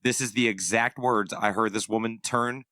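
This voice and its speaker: A man co-hosting a comedy podcast, telling wry, profane stories in a bright, forward voice. His pitch sits mid-range, and the recording is dry and close. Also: steady tone, normal speed, no echo. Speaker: podcast co-host. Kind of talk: casual comedic podcast chat.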